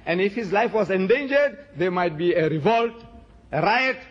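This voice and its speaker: A man delivers a religious public lecture in a fairly high voice. He poses questions and plays out exchanges with his listeners. The recording is dull and lo-fi. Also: animated, normal speed. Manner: rhetorical, acts out dialogues with questions and answers.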